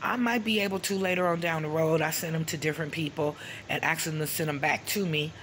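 A woman's voice: sits low, fairly even intonation, quick pace, a bit bright, slight background noise. Blunt, swearing middle-aged woman vlogger. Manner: blunt, profane, keeps asking "okay?"; vents anger openly. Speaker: channel host. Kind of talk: casual vlog talk to camera.

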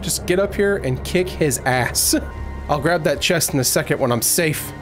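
A man giving let's play commentary, exasperated and shouting at enemies on screen. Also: a little high, expressive, measured pace. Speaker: gaming video host. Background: game music.

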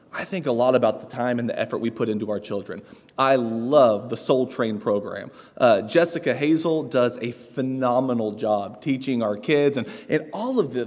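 A man delivers a sermon in an earnest, conversational way, with easy fillers and the odd light laugh. His voice sits at an ordinary middle pitch. It rings out with the long reverb of a church hall. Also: a little mellow. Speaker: preacher. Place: church sanctuary.

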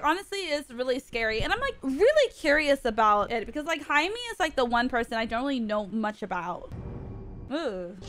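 A woman giving casual reaction commentary on a cartoon, expressive, swearing freely and talking back to the screen. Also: high-pitched, a little hiss or hum. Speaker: reaction streamer.

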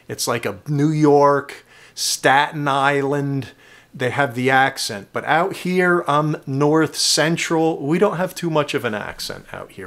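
A man's voice: medium pitch, measured pace, a bit bright. Man, from New Jersey, reef tank vlog host, casual chat, answers viewer questions, addresses viewers directly, indoor home studio. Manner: chatty, talks straight to viewers as "guys".

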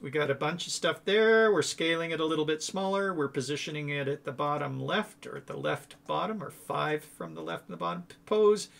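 A man hosts a casual coding walkthrough, musing aloud and correcting himself as he scrolls. His voice sits a little high with a gravelly, creaky edge. He keeps a loose, conversational flow. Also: fairly bright tone. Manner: chatty, thinking aloud, self-correcting. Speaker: coding tutorial host. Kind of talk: casual screen-share code walkthrough.

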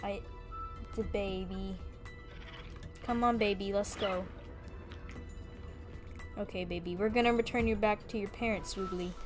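A woman's voice: medium pitch, steady tone, measured pace, pauses often, music in the background. A young woman giving playful, chatty commentary while streaming a video game, often exclaiming and talking to the creatures on screen.

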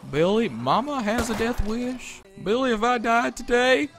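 A woman's voice: fairly high pitch, unhurried, soft background music. A woman voicing a crude, melodramatic, man-hungry mother in a survival game, with a theatrical, sing-song delivery.

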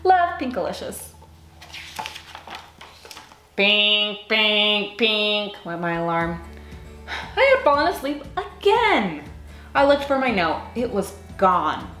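A woman reading a children's picture book aloud in an expressive, sing-song way. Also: medium pitch, slow, roomy sound, soft background music. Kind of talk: read-aloud storytelling.

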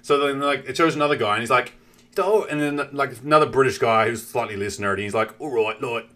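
A young man with a New Zealand accent, telling a story on a game stream in a profane, animated way. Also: medium pitch, fast talker. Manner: animated, profane, acts out the characters.

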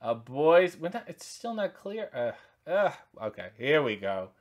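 A man's voice: on the high side, very animated, a little slow. A man in his forties hosting a casual unboxing video, rambling with wry jokes and many asides. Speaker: channel host.

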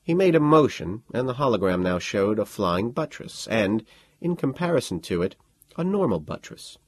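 Husky, expressive male audiobook narrator. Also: lowish voice, normal speed, no room sound, studio quality. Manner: expressive, lively storytelling. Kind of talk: scripted narration.

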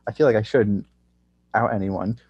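A man's voice: lowish voice, fairly even intonation, moderate pace, vocal fry, slightly rough, no room sound, lo-fi sound. A young man guest on a podcast, rambling in casual chat and laughing often. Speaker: comedian guest.

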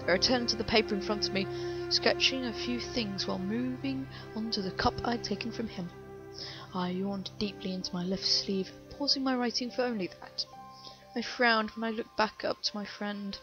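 A woman narrating a horror story in first person, reading in an even, measured way. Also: mid-range voice, dull audio.

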